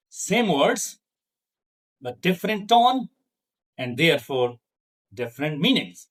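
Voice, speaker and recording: A male English teacher whose first language is Urdu gives an online language lesson. His delivery is slow, lively, and deliberate, with demonstrations of pitch.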